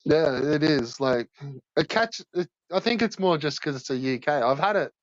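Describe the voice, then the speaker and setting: A man chatting casually, slangy and sweary, full of drawn-out fillers. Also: on the high side, expressive, no echo. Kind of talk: casual chat. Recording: dull dry sound.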